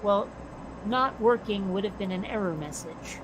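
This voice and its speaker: An American woman co-hosting a casual chat, blunt and quick to swear. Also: mid-range voice. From United States. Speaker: podcast co-host. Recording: noisy background.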